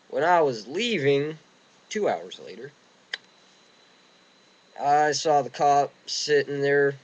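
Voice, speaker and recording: A man's voice: on the high side, animated, very slow, pauses often, low-quality recording. A young man ranting casually and indignantly, rambling with restarts, recorded outdoors in the wind. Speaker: vlogger. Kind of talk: casual rant.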